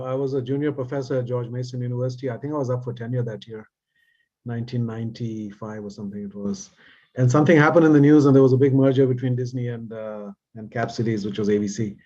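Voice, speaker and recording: A male business professor telling animated anecdotes in a panel discussion over a video call. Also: medium pitch. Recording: dull lo-fi audio.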